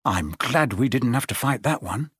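A man voicing a young boy hero, earnest and quietly nervous. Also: medium pitch, animated, unhurried, husky, no echo, clean studio sound. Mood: hushed.

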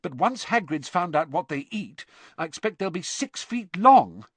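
Man doing a clever schoolgirl, snappy, exasperated, high and lively, dry read. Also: fairly quick, slightly rough, dry recording, full character voice. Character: brisk clever schoolgirl, impatient.

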